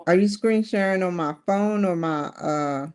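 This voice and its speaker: A woman on a phone call with tech support, talking hesitantly and spelling things out slowly. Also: on the low side, a little mellow, clean tone.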